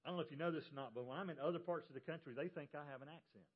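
A Southern-accented American pastor preaches a sermon at a racing pace in a voice on the high side, telling folksy stories with emphasis. The church audio is dull and lo-fi.

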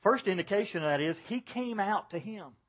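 A pastor preaching an earnest sermon, dropping low and soft to stress his points. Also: animated, fairly quick, highs cut off.

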